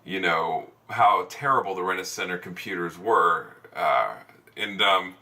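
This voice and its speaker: A man's voice: deep voice, unhurried, pushed and bright, far from the mic. A man in sales telling a story casually, rambling with many fillers and restarts. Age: adult, over ten years in sales. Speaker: salesman vlogger.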